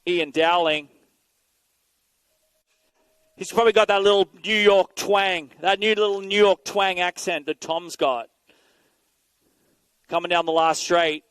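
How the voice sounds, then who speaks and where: A man giving energetic live play-by-play commentary at an outdoor BMX race, calling out riders and bike numbers. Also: high voice, measured pace, pauses often, clean tone, no room sound. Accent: Canadian. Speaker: race announcer.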